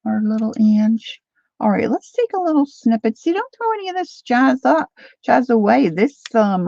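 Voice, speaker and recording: A woman's voice: medium pitch, creaky, warm tone, no echo, lo-fi sound. A woman hosting a casual crafting livestream, chatting and thinking aloud as she works and answering viewers. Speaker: craft channel host.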